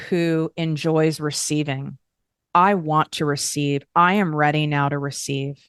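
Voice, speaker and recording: A woman's voice: low voice, a bit bright, clean tone, no echo, studio quality. A woman hosting a podcast, talking frankly and emphatically in a candid self-help monologue, swearing casually. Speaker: podcast host.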